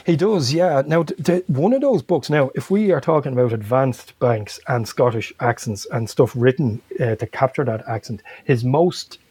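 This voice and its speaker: Man rambling warmly about books. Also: medium pitch, normal speed, hardly any pauses, husky, no echo. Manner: rambling, self-correcting, chuckles often. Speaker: podcast guest. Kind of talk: casual podcast chat.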